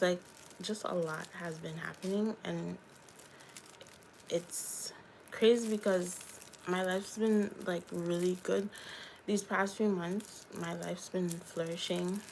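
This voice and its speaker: Young woman on a casual livestream, low gravelly voice, unhurried, candid chat with viewers. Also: fairly even intonation, darkish tone, a little hiss or hum, poor audio. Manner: candid, talks straight to viewers as y'all. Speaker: YouTuber and hairstylist.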